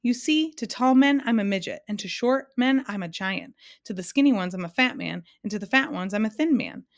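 A woman's voice: mid-range voice, animated, a little fast, close to an everyday voice. A woman reading aloud and voicing a muddled, fussy middle-aged man in a storybook.

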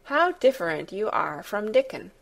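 A woman's voice: medium pitch, sing-song, moderate pace, gravelly. A woman voicing a young girl who speaks in a direct, matter-of-fact way. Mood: earnest. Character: plain-spoken young girl, blunt and curious.

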